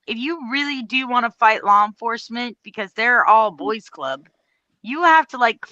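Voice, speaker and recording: A woman speaks in casual chat with a higher, sharp, forceful voice. She is blunt and swears freely. The audio is dry and dull, like a lo-fi mic. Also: animated, moderate pace, no echo. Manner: blunt, profane, opinionated.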